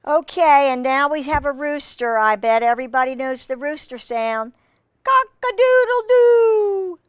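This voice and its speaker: A woman reads a picture book to children, her voice rising and falling with lively, sing-song swings. She takes her time, breaking off for friendly asides to her young listeners. The sound is dry and close, with no room around it. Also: on the high side, clean tone, no echo. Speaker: children's storyteller.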